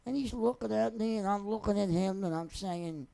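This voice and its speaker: A man's voice: sits high, moderate pace, vocal fry, mellow, poor audio. A young man, a singer telling personal stories off the cuff in a rambling, wry, joking way. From New Jersey. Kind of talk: casual off-the-cuff storytelling.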